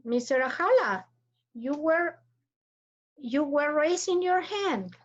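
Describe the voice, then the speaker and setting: A woman's voice: sits high, expressive, takes it slowly. A woman teaching English to a class online, with an Ecuadorian Spanish accent and Spanish as her first language, patiently calling on students and repeating their names and cues. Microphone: computer mic on a video call. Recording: dull lo-fi video call audio.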